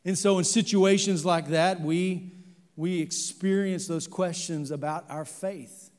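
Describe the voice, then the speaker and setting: A man's voice: high voice, steady tone, a little slow, a little mellow. A man preaching a sermon as pastor, earnest, with frequent fillers and restarts. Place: church sanctuary. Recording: long church reverb.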